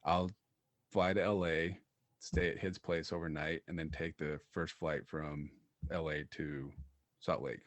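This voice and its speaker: Very low-voiced man telling stories. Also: measured pace, dry recording. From Utah. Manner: animated storyteller, laughs often, many fillers. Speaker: podcast co-host. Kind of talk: casual chat, storytelling.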